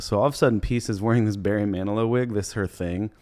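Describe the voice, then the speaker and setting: A young man with a lowish voice rambles through a comedic movie recap, swearing freely. He laughs at his own retelling and keeps popping into quick impressions of the characters. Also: steady tone, darkish tone. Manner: rambling, profane, laughs while retelling scenes and puts on brief character voices. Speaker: comedy podcast host.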